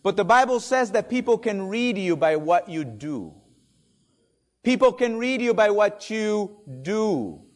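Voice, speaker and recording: A man's voice: high voice, very animated, unhurried. A male pastor whose first language is Spanish, preaching a sermon with dramatic drops to near-whispers for emphasis. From Spanish-speaking country.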